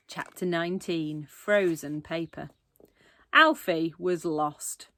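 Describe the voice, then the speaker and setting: A woman's voice: fairly low pitch, slow pace, no echo, studio quality. A woman reading a children's book aloud expressively, with asides to young listeners. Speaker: reader.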